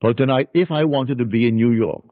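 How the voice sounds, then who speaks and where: A man's voice: medium pitch, a little fast, dry recording, phone-quality sound. A man giving a spiritual lecture in an emphatic, preaching cadence, heard from an archival lecture recording.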